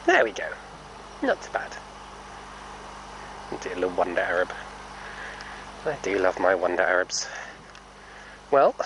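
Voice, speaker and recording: A man training a horse, talking softly and coaxingly to the animal while explaining to viewers in a casual vlog. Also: mid-range voice, slight background noise, poor audio. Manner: soft, coaxing talk to a horse, often hushed. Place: indoor horse stable area.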